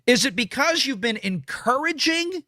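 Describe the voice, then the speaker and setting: A man's voice: very high-pitched, expressive, moderate pace, sharp tone, dry recording, clean studio sound. A man hosts a casual political commentary livestream, blunt and ranting as he reads viewer comments. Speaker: show host reading super chats.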